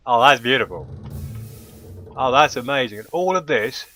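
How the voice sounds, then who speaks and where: A man's voice: medium pitch, animated, moderate pace, long pauses, bright, forceful tone, a little hiss or hum. A man giving casual commentary while playing a game, often bursting into delighted exclamations. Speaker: let's play host.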